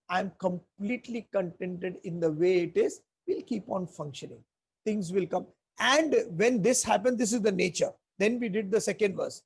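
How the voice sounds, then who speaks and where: A man teaching a scripture class, telling stories and chanting verses slowly between his explanations. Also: high-pitched, gravelly, slightly rough. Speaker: spiritual teacher. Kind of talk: scripture lecture.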